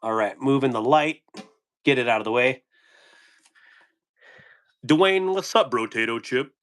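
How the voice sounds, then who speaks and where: A man's voice: medium pitch, animated, measured pace, a bit bright. A man in the middle of his range, talking loosely on a live stream. He rambles, chuckles often and answers viewers as he shows off gear. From United States. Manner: laughing, rambling, reading chat. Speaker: knife channel host on a live stream. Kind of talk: casual live-stream chat.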